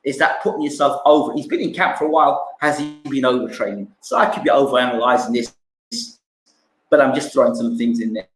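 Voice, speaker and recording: A man's voice: mid-range voice, brisk, roomy sound, slight background noise, rough recording. A man giving casual boxing fight analysis, repeating himself and acting out punches with sound words. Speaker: boxing pundit streamer.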